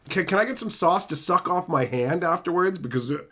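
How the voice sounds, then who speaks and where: A man streaming live, ranting loudly with constant swearing and insults, reading and mocking chat comments. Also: high-pitched, expressive, moderate pace, few pauses. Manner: loud, swearing, insulting rants; reads chat comments aloud and mocks them. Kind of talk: profane livestream rant.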